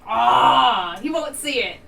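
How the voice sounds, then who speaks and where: An eager woman joins the tabletop game, her pitch jumping around lively as she talks. Her voice sits a little away from the mic, with faint music behind. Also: takes it slowly, gravelly. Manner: eager, laughs often. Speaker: player. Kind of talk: casual tabletop game play. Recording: voice a bit far from the mic.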